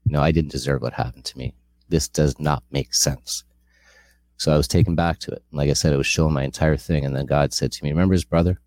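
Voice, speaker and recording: A man's voice: rumbling low, steady tone, fairly quick, darkish tone, no room sound. A middle-aged man sharing a candid personal testimony, earnest and rambling with frequent restarts.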